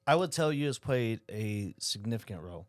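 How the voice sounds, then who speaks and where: Fast-talking man telling stories. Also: on the low side, dry recording, clean studio sound. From Oklahoma. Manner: animated storyteller acting out quoted dialogue. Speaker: insurance agency owner, guest. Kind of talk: casual storytelling interview.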